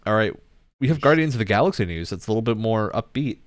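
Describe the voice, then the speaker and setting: A man hosting a casual gaming news chat, relaxed and chatty with frequent laughs. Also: fairly low pitch, quick pace, dry recording, clean studio sound. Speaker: podcast host.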